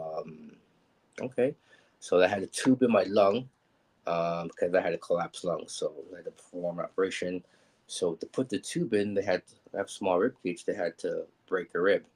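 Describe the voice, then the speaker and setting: Low gravelly-voiced man telling his story. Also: moderate pace, darkish tone, low-quality recording. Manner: rambling and candid, many ums, acts out quoted people. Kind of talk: personal storytelling on a live show.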